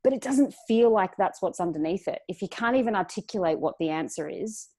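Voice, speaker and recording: A woman's voice: medium pitch, lively intonation, a little fast, mellow, breathy edge. A woman guest on a podcast, talking earnestly and reflectively with frequent restarts. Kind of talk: casual chat.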